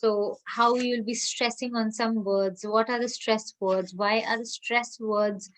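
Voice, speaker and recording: A woman college lecturer with an Indian English accent, giving an emphatic, opinionated classroom lecture and slowing down to stress key terms. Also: on the high side, steady tone, slight background noise, poor audio.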